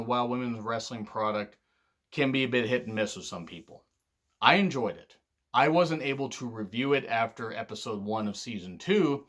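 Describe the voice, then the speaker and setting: A man casually talking through his favorite wrestling matches, candid and excitable, swearing freely. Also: medium pitch. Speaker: wrestling reviewer. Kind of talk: casual commentary vlog.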